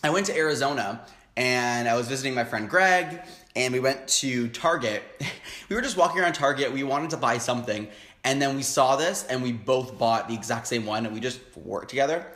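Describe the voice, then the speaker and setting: A man's voice: mid-range voice, fairly quick. Chatty young man in an echoey room. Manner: chatty, excitable, frequent hums of enjoyment. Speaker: mukbang host. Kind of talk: casual chat while eating. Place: home, indoors.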